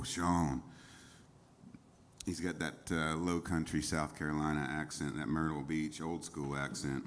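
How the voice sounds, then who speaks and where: A singer-songwriter with an extremely low voice sits on a music venue stage during a livestreamed show, rambling through easygoing stories between songs with plenty of fillers. Faint guitar plays behind him, and there's a little hiss or hum.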